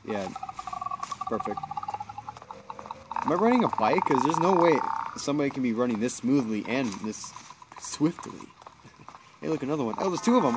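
A man giving casual let's play commentary, excitable and jumpy, swearing when startled. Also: mid-range voice, fairly quick, pauses often, noisy background. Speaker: gameplay commentator.

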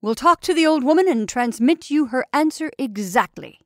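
A woman's voice: high voice, animated, moderate pace, dry recording, studio quality, voice pushed up. A woman voicing a sly, wheedling male inn waiter who talks in a drawling, conspiratorial way and often drops to a whisper. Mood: self-satisfied.

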